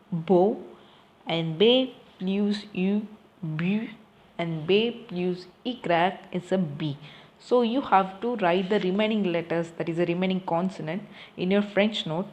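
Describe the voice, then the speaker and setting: A woman's voice: mid-range voice, a little mellow. Woman teaching French, spelling out letters. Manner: slow and repetitive, spelling letters one by one and asking questions she answers herself. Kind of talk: recorded classroom lesson.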